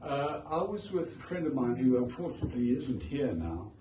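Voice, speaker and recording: A man's voice: mid-range voice, big pitch swings, moderate pace, warm tone. A man with a South African accent, an author telling amused, rambling anecdotes at his book launch. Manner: rambling, self-amused storytelling with frequent digressions. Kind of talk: casual anecdotal speech. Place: indoor event room with guests. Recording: echoey room, distant mic, noisy.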